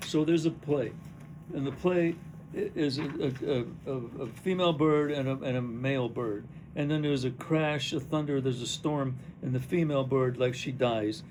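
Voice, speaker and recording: A man reading stage directions aloud in a halting way at a play rehearsal. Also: medium pitch, noisy background. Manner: halting, restarting, narrating directions. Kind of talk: rehearsal read-through.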